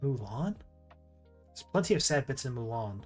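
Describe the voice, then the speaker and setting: A man's voice: mid-range voice, sing-song, moderate pace, faint music behind. A man streaming casual commentary while ranking movies, rambling with restarts and asides.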